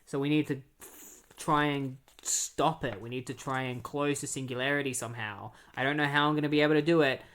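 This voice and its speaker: A man casually recapping a comic book story, rambling with lots of fillers and acting out characters' lines in quick bursts. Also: medium pitch, fairly even intonation, fairly bright tone. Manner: rambling retelling with many fillers and quick acted-out quotes. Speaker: comic book podcast host.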